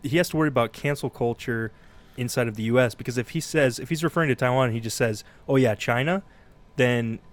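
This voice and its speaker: A man co-hosting a podcast, talking in a rambling, sarcastic way with many pauses and fillers. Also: medium pitch. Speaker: podcast co-host. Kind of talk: casual podcast chat.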